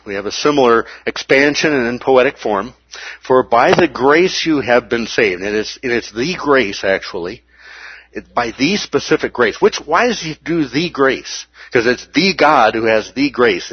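A man teaching a sermon on a Bible passage, animated, with playful asides and acted-out exclamations. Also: medium pitch, measured pace, husky, no room sound, highs cut off.

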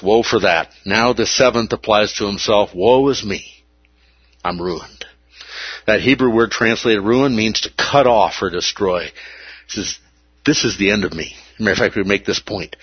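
A man's voice: lowish voice, husky, no echo, dull audio. A man preaching a sermon, emphatic and repeating key words for weight.

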